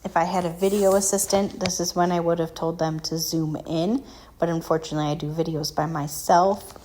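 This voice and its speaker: A woman's voice: on the low side, steady tone, fairly quick, dark tone, slight background noise. A woman hosting a painting and crafting tutorial, talking casually and self-deprecatingly with frequent ums. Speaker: craft shop tutorial host.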